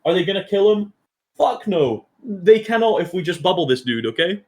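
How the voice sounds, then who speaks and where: A man's voice: sits high, sing-song, moderate pace, a little mellow. Blunt man coaching a team. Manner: direct, blunt, swears, keeps checking in with "yeah?" and "okay?". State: has the hiccups. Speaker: esports coach. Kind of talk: team VOD review.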